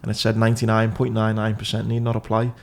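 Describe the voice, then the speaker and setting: A man hosting a podcast, relaxed and swearing freely as he chats. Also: fairly low pitch, fast talker, vocal fry. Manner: relaxed and sweary, calls people "mate". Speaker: podcast host. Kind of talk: casual chat.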